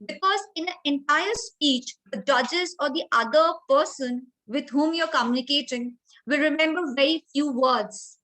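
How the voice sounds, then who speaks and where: Running an online session on communication skills, this woman from India speaks Indian English in a clear, teaching manner and stresses her points deliberately. She has a high, slightly bright voice, captured in a rough recording.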